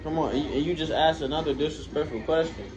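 A man's voice: on the high side, steady tone, fast. A young man, the boyfriend in a prank, talking casually in an indignant, repetitive, rambling way. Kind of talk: casual chat. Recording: dull lo-fi sound with clear background noise.

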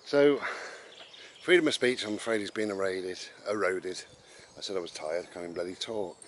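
Bloke ranting outdoors, lowish voice, sarcastic and sweary, faint birds and country noise behind. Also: male voice, moderate pace. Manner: blunt, sarcastic, swears casually, talks to his dog between points. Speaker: vlogger. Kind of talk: rambling opinion monologue. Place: outdoors in the countryside, walking a dog.

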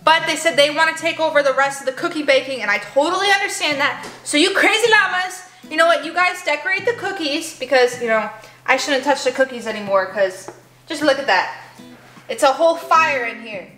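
Bright, high-pitched playful woman vlogger. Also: brisk, roomy sound, faint music behind. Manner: animated, talks to toys and viewers. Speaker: vlogger playing with toy llamas. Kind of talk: playful kids' vlog narration.

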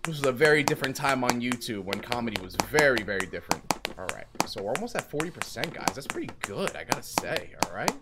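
A young man doing playful let's play commentary, joking loudly, dropping to whispers and jumping to yelps. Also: medium pitch, very animated, fast talker. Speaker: gaming YouTuber. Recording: noisy background, mouse clicks.

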